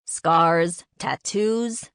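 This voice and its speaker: A woman's voice: on the low side, very slow, a bit bright, clear, resonant tone, dry recording, studio quality, full character voice. A woman voicing a terse male government spy boss who speaks in curt, impatient orders in an audiobook. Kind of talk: audiobook character voice.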